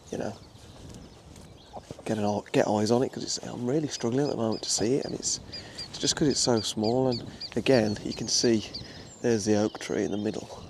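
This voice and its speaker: A man's voice: lowish voice, gravelly, slight background noise. A young man with an English Midlands accent, chatting casually with many fillers and restarts as he films on a walk through a nature reserve. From England. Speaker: wildlife photographer. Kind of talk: casual vlog narration outdoors.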